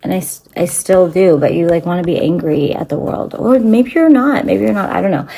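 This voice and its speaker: A woman's voice: fairly low pitch, lively intonation, a little fast, gravelly, mellow, breathy edge. A woman hosting a spiritual channel, ranting in a rambling, profane way with constant fillers and restarts. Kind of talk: unscripted spiritual rant to camera.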